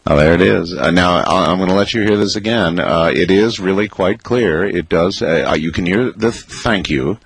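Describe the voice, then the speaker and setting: A man hosting a radio interview, folksy and prone to chuckling, with a husky voice. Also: sits low, normal speed, few pauses, dry recording. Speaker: radio host.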